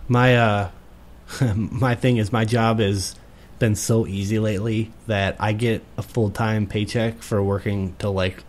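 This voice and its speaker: A man's voice: fairly low pitch, level tone, a little slow, a little mellow, slight background noise. Laid-back young man in podcast chat. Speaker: podcast co-host. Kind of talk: casual chat.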